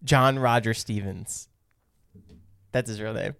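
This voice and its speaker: Playful young man with a smooth voice. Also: medium pitch, measured pace, a bit bright, dry recording, clean studio sound. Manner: playful, laughs often, teasing. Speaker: podcast co-host. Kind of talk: casual podcast chat with read ads.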